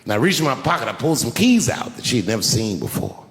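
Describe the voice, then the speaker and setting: A middle-aged man doing a stand-up comedy routine, telling a story with lively acted-out quotes. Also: mid-range voice, quick pace. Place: large theater stage. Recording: reverberant hall with crowd noise. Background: audience laughter.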